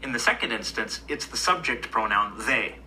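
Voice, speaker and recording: Man, mid pitch, bright tone, calm explanatory lesson narration. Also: moderate pace, a little hiss or hum, poor audio. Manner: even, explanatory. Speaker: language video narrator. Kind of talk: scripted educational narration.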